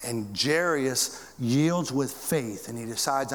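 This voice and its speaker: A male pastor preaching a sermon to his church, with big swings in pitch and volume. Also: expressive, moderate pace, few pauses, fairly bright tone, in a large hall, slight background noise.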